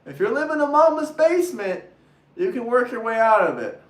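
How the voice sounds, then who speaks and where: A man hosting a political livestream, ranting in a mocking, crude, sarcastic way and mimicking opponents in shrill voices. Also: very animated, brisk, a bit bright, roomy sound. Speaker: livestream host reading super chats.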